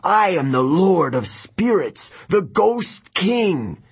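A man voicing an arrogant old male spirit, a ghost king, in an audiobook, speaking slowly, loudly and with a sneer, with a breathy voice. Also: sing-song, exaggerated voice. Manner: slow, booming, sneering.

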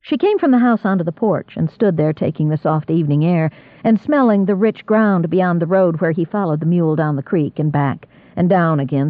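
A man narrating an audiobook in a measured, expressive reading voice. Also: fairly high pitch, no room sound. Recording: dry, tinny phone-like audio.

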